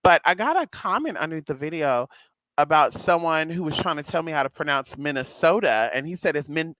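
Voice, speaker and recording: Sassy, very animated vlogger voice. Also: mid-range voice, moderate pace, dry recording, low-quality recording. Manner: sassy, animated, calls people "girl" and "honey", swears freely. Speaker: spiritual vlogger. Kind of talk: casual monologue to viewers.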